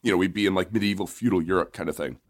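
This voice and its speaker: A man co-hosting an economics discussion, explaining in a casual, animated way and telling a joke with voiced characters. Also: low-pitched, rapid-fire.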